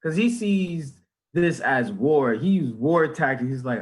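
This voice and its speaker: A young man co-hosting a casual talk show, excitable and slangy, laughing often. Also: on the high side, a little slow, slightly rough. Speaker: show co-host. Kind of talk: casual chat.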